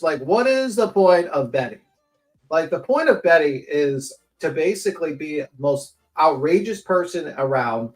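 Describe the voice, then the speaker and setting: Guy hosting a stream, ranting hard, cussing, kinda high voice. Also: poor audio. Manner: blunt, profane ranting. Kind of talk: heated opinion commentary.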